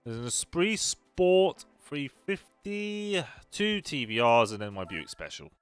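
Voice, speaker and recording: Young dude streaming a racing game, super lively pitch, chatting back at chat, quiet game music behind. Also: male voice, slow pace, clear, resonant tone. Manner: chatty, reads and answers chat while playing. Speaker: gaming streamer. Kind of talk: casual live-stream gameplay commentary.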